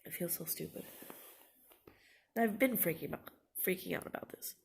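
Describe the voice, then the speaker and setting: A young woman vlogging into her phone from home, tired, congested and anxious, talking in halting bursts with sighs. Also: on the low side, creaky, a little hiss or hum. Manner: halting, sighing, soft and shaky. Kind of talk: casual vlog talk. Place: indoors at home, lying down. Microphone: phone camera held close.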